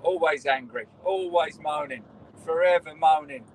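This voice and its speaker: A man's voice: a little high, moderate pace, slight background noise, rough recording. A middle-aged man, a former footballer telling rambling stories in a casual interview. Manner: rambling storyteller, restarts, swears in quotes.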